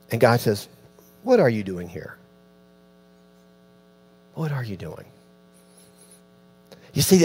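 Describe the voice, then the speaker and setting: A man preaching a sermon, telling a story with lively, acted-out voices and sudden drops to hushed, near-whispered lines. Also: medium pitch. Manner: animated storytelling, acts out voices, dropping to near-hushed tones. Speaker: pastor.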